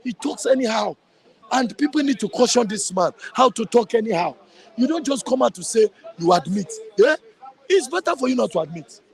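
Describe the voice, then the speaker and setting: A man's voice: very high-pitched, lively intonation, a little fast. A man with a Nigerian accent giving fiery, ranting street commentary outdoors, mixing in Yoruba phrases. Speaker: street interviewee.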